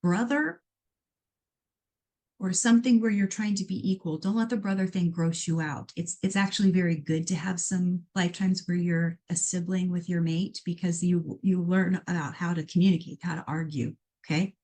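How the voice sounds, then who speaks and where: A middle-aged woman from Iowa hosting a live call-in show as a psychic medium. She reads out listener questions and answers them in a chatty, animated way, full of playful asides. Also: on the low side, moderate pace.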